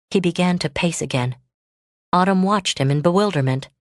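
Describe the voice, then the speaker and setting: A woman narrating a romance novel audiobook in a steady, measured reading. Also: lowish voice, no room sound, studio quality. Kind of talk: scripted narration.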